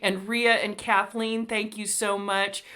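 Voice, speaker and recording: A woman's voice: mid-range voice, flat delivery, slow pace, pushed and bright. A woman hosting an online author talk, gushing with emotion and praise over a video call. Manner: gushing, emotional, reads viewer comments aloud. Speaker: host. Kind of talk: effusive live-stream hosting.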